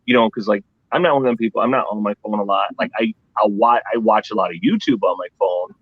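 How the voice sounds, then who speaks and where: A man's voice: lowish voice, quick pace, slightly rough, no room sound, narrow, tinny audio. A man chatting casually on a live video call, telling stories and acting out the exchanges. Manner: animated storyteller, acts out quoted exchanges. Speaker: guest on live hangout. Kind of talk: casual chat. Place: outdoors at home.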